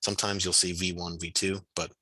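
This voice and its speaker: A man with a deep, bright, husky voice tutors physics over a video call. He thinks out loud in a relaxed, encouraging way and scatters fillers through his explanations. The sound is dry and close. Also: fairly quick, dry recording, poor audio. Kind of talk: online tutoring session.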